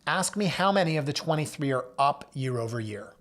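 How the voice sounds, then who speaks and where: A man's voice: fairly high pitch, expressive, fairly quick, a bit bright. A man, a realtor hosting his own show, talking casually to camera and reading off numbers with self-mocking asides. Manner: chatty, self-mocking asides, reads figures off a list with sudden lifts. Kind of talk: casual market commentary to camera. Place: office or studio with someone off camera.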